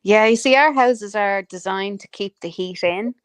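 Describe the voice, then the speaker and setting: A woman's voice: mid-range voice, normal speed, clear, resonant tone, dry recording. A woman hosting a casual livestream, chatty and sweary, laughing and greeting viewers by name. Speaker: livestream host. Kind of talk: casual chat.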